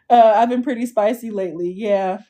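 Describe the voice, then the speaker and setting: A woman's voice: a little high, dark tone. A woman, giving a chatty, blunt tarot reading and checking in with "okay?" after nearly every line. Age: 20s. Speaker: tarot reader. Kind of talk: casual tarot reading to camera.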